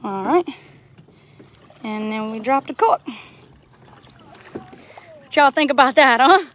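Young Southern woman, high voice, chatty outdoor vlog host, phone mic, faint boat noise. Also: expressive, slow, fairly bright tone. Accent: Southern US, Louisiana. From Louisiana. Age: young adult. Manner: chatty, greets viewers, talks while working. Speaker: vlogger, crawfisher. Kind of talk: live-streamed outdoor vlog. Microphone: phone held while working.

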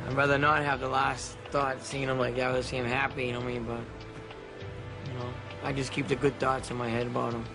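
A man's voice: medium pitch, flat delivery, brisk, music in the background. A man from Massachusetts telling a story in a casual interview, rambling and repeating phrases. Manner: rambling, repeats himself, laughs between phrases. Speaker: interviewee, former boxer.

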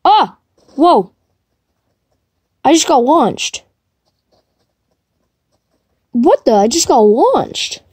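A woman giving casual commentary to herself while playing a game, excitable and chatty. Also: high-pitched, extremely slow, pauses often, breathy edge, dry recording, studio quality. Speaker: gamer streaming gameplay. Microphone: device mic while playing on a tablet.

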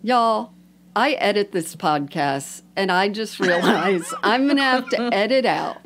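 A woman's voice: mid-range voice, lively intonation, unhurried. A woman co-hosting a podcast in loose, casual chat. She jokes around and laughs often while she talks. A faint hum sits under the recording. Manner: playful, jokey, laughs often. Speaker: podcast co-host.

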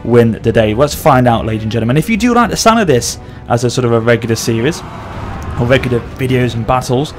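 A man hosting a gaming channel, excitedly commentating a battle over gameplay and often addressing his audience. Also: mid-range voice, fast, music in the background.

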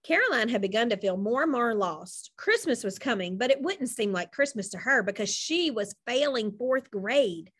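A woman narrating a children's chapter book aloud in an expressive, lively storytelling manner. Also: on the high side, moderate pace, few pauses, breathy edge. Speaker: audiobook narrator.

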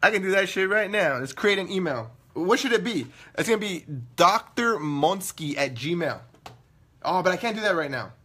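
Loud, joking young man with a bright voice. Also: a little high, breathy edge. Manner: loud, profane, joking, laughs often. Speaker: online radio show host. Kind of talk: casual live-stream chat with viewers.

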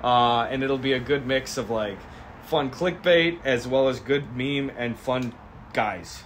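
Young male streamer, loose and animated, talking from a garage over faint noise. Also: medium pitch. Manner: animated, acts out both sides of the scene in quick voices. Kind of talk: casual stream chat pitching a sketch.

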